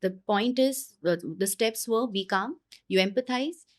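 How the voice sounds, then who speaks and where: A woman's voice: a little high, a little slow. A woman, explaining parenting as a guest in an earnest, step-by-step way. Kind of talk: explanatory conversation.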